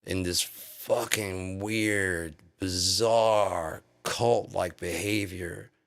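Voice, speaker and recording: A man's voice: sits low, fairly even intonation, extremely slow, creaky, fairly bright tone. Swearing man ranting on a live stream. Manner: profane, heated and insulting. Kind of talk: angry political rant on a live stream.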